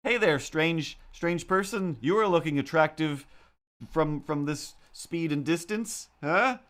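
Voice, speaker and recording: A man voicing a sleazy male driver who catcalls strangers from his car, with smarmy, drawn-out flirting and a raised voice. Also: on the high side, a bit bright, pitched above the performer's own voice. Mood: leering.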